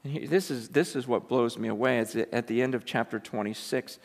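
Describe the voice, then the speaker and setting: A man's voice: medium pitch, brisk. A man preaching a sermon in an impassioned, emphatic way, often repeating words as he builds up. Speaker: pastor. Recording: long reverb of a large hall.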